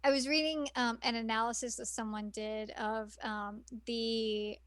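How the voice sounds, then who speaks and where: A woman's voice: a little high, level tone, unhurried, a bit bright, clear, resonant tone, no echo. A woman co-hosting a podcast, chatting casually about anime and rambling with lots of fillers and restarts. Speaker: podcast co-host.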